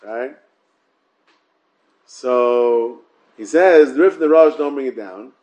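A Torah study teacher leads a Talmud class in relaxed English, sprinkling in Hebrew and Yiddish terms, repeating words, and checking in with rhetorical "yeah?" and "right?" His mid-range voice moves slowly and sounds a little mellow. The recording quality is low.

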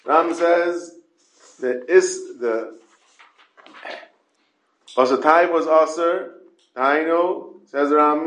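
A man's voice: on the high side, takes it slowly, long pauses, fairly bright tone. Man teaching Talmud in an echoey room. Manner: explains in repeated questions, stressing key words. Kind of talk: Talmud class lecture.

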